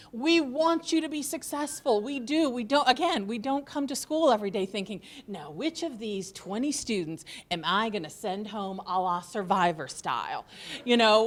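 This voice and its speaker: A woman college instructor giving an orientation talk to students, joking and sarcastic as she goes. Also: on the high side.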